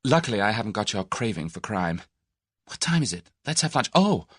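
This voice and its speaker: A man's voice: lowish voice, breathy edge, no echo, clean studio sound. A man voicing Tuppence, an eager, impulsive young woman adventurer, in an audiobook. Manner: excitable, quick, animated.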